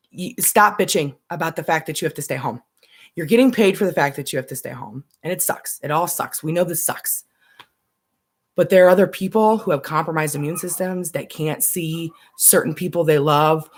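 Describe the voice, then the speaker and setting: A young woman, a stay-at-home mom, ranting bluntly and passionately to live-stream viewers, swearing freely. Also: fairly low pitch.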